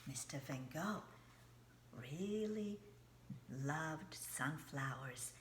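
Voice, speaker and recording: A woman's voice: low-pitched, reverberant, a little hiss or hum. A middle-aged woman, an art teacher, giving a children's art lesson in simple, coaxing words and asking the kids questions.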